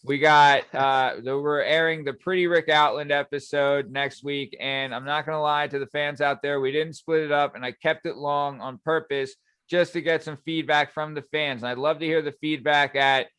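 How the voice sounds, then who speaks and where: A man's voice: medium pitch, a bit bright, clear, resonant tone, no room sound. A man hosting a podcast in casual chat, rambling, swearing often and laughing easily. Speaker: podcast host.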